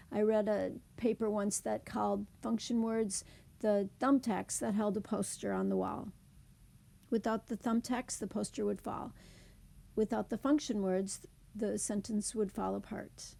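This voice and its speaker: Slow, gravelly woman teaching phonics. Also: medium pitch, fairly even intonation, mellow. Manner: slow, careful, deliberate explanation. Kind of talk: slide presentation lesson.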